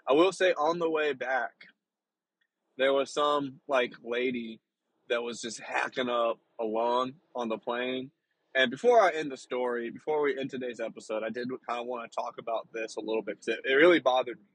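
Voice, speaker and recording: A man's voice: medium pitch, fairly even intonation, moderate pace, a bit bright, husky, rough recording. A young man telling a travel story in a casual, rambling way, full of fillers and restarts. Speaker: vlogger.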